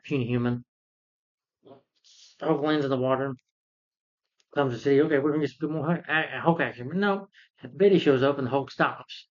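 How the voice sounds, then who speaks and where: A man's voice: mid-range voice, dull audio. A man giving a casual, rambling film review, retelling scenes and acting out characters.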